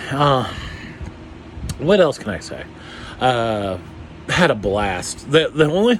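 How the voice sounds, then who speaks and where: A man chatting casually in a vlog, rambling and excitable, with lots of fillers and some swearing. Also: lowish voice, slight background noise. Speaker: YouTuber.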